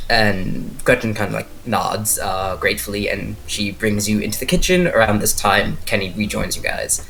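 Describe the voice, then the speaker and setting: A man's voice: fairly low pitch, moderate pace, vocal fry, hardly any pauses, fairly bright tone, slight background noise. A man narrating as game master of a tabletop horror game, casual and rambling with many fillers.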